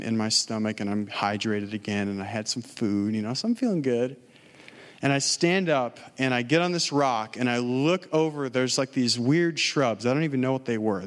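A man's voice: mid-range voice, a bit bright. A man preaching, telling a personal story in a casual way with many fillers, then leading a prayer. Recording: long hall reverb.

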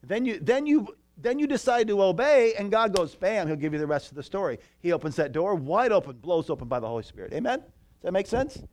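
A man preaching a sermon in a church, telling a story with lively asides to the congregation. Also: sits high, brisk. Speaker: pastor.

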